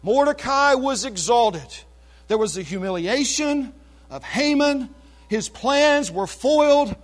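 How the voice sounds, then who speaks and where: A man preaching a sermon, retelling a scripture story in an animated, chatty way with casual asides. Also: very high voice, slow pace.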